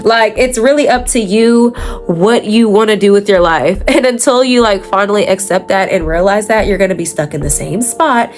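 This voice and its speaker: A young adult woman chatting casually while doing her makeup, rambling with lots of fillers and self-corrections, slangy and quick to laugh. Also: mid-range voice, soft background music. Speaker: makeup vlogger.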